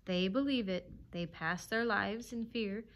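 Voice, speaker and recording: A woman's voice: mid-range voice, unhurried, lightly acted. A woman reading as a grave old stag. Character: wise old male stag, grave and solemn.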